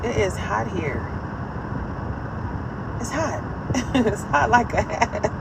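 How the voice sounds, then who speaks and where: A woman's voice: mid-range voice, lively intonation, measured pace. A woman hosting a casual live stream, greeting viewers in a loose, repetitive, chatty way. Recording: outdoor traffic noise behind the voice.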